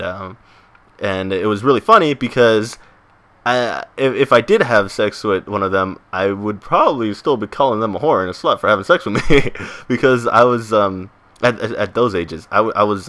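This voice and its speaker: A man's voice: on the low side, lively intonation, moderate pace, a bit bright. A young man vlogging to his viewers in a casual, joking, self-mocking ramble, full of fillers and restarts. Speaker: gaming vlogger.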